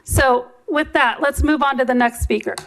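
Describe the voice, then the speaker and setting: A woman chairing a public meeting, giving firm but halting procedural warnings and directions into a desk microphone. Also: high voice, fairly bright tone.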